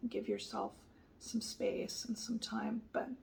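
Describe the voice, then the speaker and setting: A woman giving a soft-spoken tarot reading, gentle and reassuring, often sliding into a whisper and pausing with fillers. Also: fairly high pitch, flat delivery, creaky, slight background noise, poor audio. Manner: hesitant, many fillers and restarts. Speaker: tarot reader.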